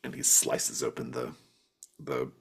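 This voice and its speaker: Guy running a tabletop game, deep husky voice, rambly, lots of "like". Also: steady tone, a little slow. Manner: loose, rambling with many fillers. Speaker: game master.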